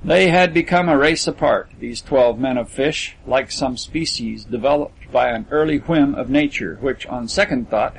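A man narrating a literary story in a measured, descriptive way. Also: a little high, creaky, slightly rough, low-quality recording. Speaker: audiobook narrator.

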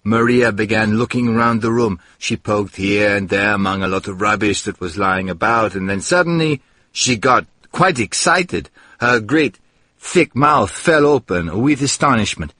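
A man's voice: on the low side, lively intonation, unhurried, bright, forceful tone, no room sound. A man reading a first-person story aloud in a dry, wry storytelling manner. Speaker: narrator. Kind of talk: first-person audiobook narration.

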